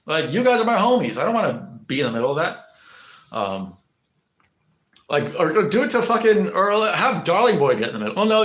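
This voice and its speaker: A young man with a slightly high voice chats casually on a live stream, cursing freely and trailing into ums, likes and false starts. His voice rings around an echoey room. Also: a bit bright. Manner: rambling, profane, full of fillers and restarts. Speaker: livestreamer.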